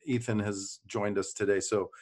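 A man's voice: on the low side, flat delivery, moderate pace, a little mellow. Enthusiastic middle-aged man reminiscing. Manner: enthusiastic, repeats words as he goes. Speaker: podcast co-host and former series actor. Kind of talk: casual chat, reminiscing.

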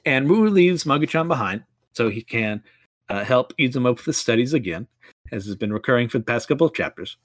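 A man's voice: mid-range voice, expressive, a little fast, no room sound. A man casually recapping a comic chapter and reading its dialogue aloud, amused and often laughing at the story.

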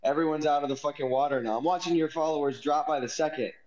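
A man's voice: on the high side, darkish tone, muffled recording. A man teasing and mocking a friend in a casual chat. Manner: teasing, mocking, quick comebacks.

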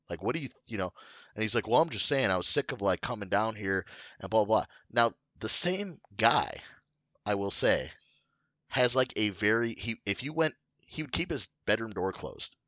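A man's voice: lowish voice, expressive, moderate pace, a bit bright, no echo. A man telling a long story in casual chat, rambling with lots of fillers and swearing. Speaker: podcast co-host telling a story.

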